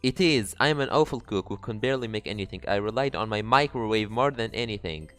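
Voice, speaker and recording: Excitable, swearing game commentator man. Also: lowish voice, fast talker, faint music behind. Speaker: let's player. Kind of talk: game commentary and reading aloud.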